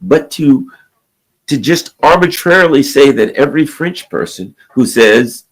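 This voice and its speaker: A man's voice: medium pitch, lively intonation, a little slow, low-quality recording. A man giving a ranting solo political commentary in a sarcastic style, repeating himself and restarting phrases often. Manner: sarcastic, repetitive, with frequent restarts.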